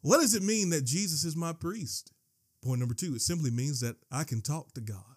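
A man preaching a sermon as pastor. He swings from quiet scripture reading to excited yelling and repeats words when he gets worked up. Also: on the high side, fairly quick, husky.

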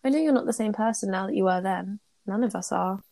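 A woman voicing an anxious, guarded young witch in a fan story she reads aloud, speaking quietly and hesitantly. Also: mid-range voice, quick pace, gravelly, no echo, close to an everyday voice. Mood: gentle.

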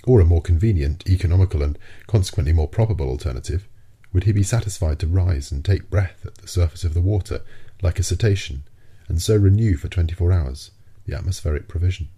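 A man reading a classic adventure novel aloud as an audiobook narrator, in a measured, deliberate way. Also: low-pitched, dark tone, breathy edge. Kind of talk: scripted narration.

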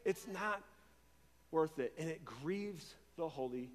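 A man preaching a sermon as pastor, talking in an animated, conversational way and often repeating words as he goes. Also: on the high side, slow. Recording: long reverb of a large hall.

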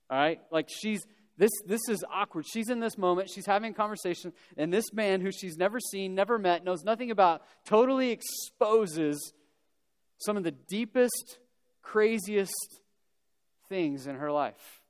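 Male pastor, high register, relaxed conversational sermon with humorous asides, reverberant hall. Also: normal speed, clear, resonant tone. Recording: long reverb of a large hall.

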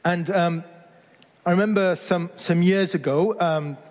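Earnest preacher in an echoey hall. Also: male voice, high voice, measured pace, darkish tone. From Argentina. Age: 40s. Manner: conversational, earnest, self-correcting. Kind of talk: sermon.

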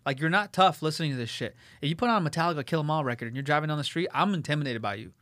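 A young man co-hosting a podcast, ranting in an animated way and swearing heavily in casual banter. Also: fairly high pitch, racing, no room sound, clean studio sound. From Italian-American family. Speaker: podcast co-host.

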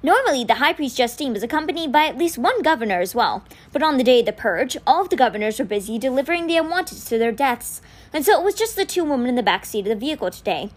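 Her voice sits high and moves fast as she reads a novel aloud for a podcast. The woman brings the story to life expressively, voicing the quoted lines along the way.

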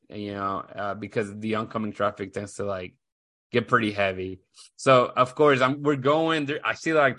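A man's voice: medium pitch, fairly bright tone, no room sound, studio quality. A man in his thirties hosting a podcast, telling a story in a loose, rambling way full of fillers and restarts. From Houston area, USA. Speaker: podcast host. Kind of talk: casual chat.

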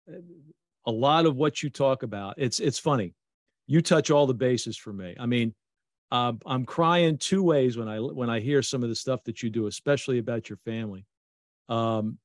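A man's voice: medium pitch, no echo, studio quality. A male podcast host from Baltimore, earnest and hesitant, full of ums and restarts while chatting with a guest. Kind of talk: casual interview chat.

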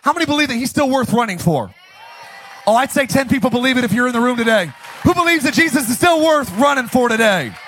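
A man preaching a jokey, energetic Easter sermon as pastor, often bursting into shouts. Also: fast, a little hiss or hum. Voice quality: high, bright, animated preaching voice.

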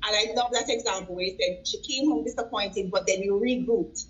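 A woman's voice: medium pitch, fairly quick, lo-fi sound. A woman hosting an interview, asking questions in an enthusiastic and encouraging way. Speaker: interview host. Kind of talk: casual interview.

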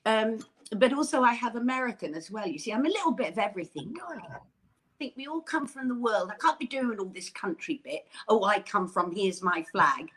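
An older woman guest in a casual interview, talking in an animated, bubbly and effusive way. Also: on the high side, brisk, slightly rough. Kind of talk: casual chat.

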